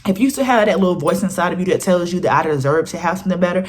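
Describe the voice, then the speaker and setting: A woman's voice: fairly low pitch, very fast. A young woman talks straight to her viewers in a casual vlog. Her delivery is earnest and emphatic, and she keeps slipping into the voices of imagined people to make her point. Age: 20s. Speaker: vlogger. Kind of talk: casual motivational talk to camera.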